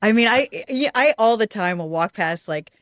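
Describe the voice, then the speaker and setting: A woman's voice: medium pitch, animated, normal speed, a bit bright, dry recording, clean studio sound. A middle-aged woman co-hosting a podcast, chatting casually and laughing often. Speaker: podcast co-host. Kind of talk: casual chat.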